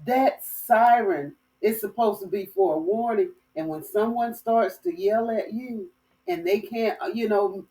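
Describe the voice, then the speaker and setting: A woman from Florida telling a lively story as host of a dating advice talk, with folksy phrasing. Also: medium pitch, unhurried, far from the mic, low-quality recording. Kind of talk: casual storytelling monologue.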